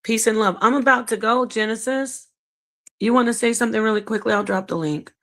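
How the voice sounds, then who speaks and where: A woman's voice: a little high, a little fast, a bit bright, no echo. A woman hosting a casual livestream, talking in an emphatic, scolding way. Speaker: livestream host.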